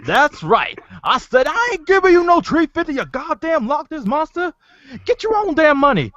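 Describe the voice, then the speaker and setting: A man voicing a gruff old male storyteller, spinning a tall tale in a deep, folksy drawl. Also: sing-song, fairly quick, fairly bright tone, dry recording. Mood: indignant. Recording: dull lo-fi podcast audio.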